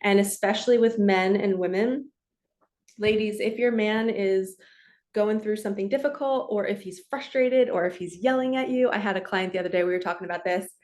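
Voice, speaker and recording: A woman in her forties, working as a spiritual coach and reader, talks straight to camera in a loose, chatty monologue. Her voice sits at an ordinary middle pitch, and she stays earnest while laughing often. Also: brisk, darkish tone. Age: 40s.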